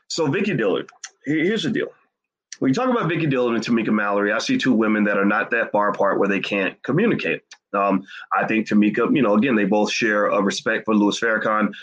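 A man giving heated, casual spoken commentary, repeating himself and breaking into loud outbursts. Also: mid-range voice, husky, highs cut off. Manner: heated, repetitive, ranting with sudden loud outbursts. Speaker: online commentator.

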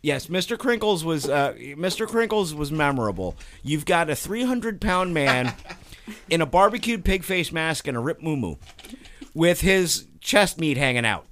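A man hosts a relaxed group conversation in a fairly high voice. His pitch swings up and down a lot, and he laughs as he tells stories. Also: normal speed, a little hiss or hum. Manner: animated, laughing storyteller. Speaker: podcast host, haunted house owner. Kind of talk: casual group chat.

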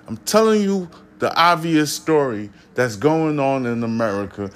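A man's voice: on the high side, lively intonation, normal speed, hardly any pauses. A man hosting a podcast, ranting casually with heavy swearing and slightly slurred, tipsy speech. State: slightly drunk. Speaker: podcast host. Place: studio room behind glass.

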